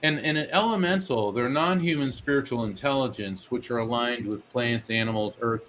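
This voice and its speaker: A man as a guest psychic medium, telling a story in an animated way and acting out the voices he quotes. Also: medium pitch, moderate pace, a little hiss or hum. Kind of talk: storytelling in an interview.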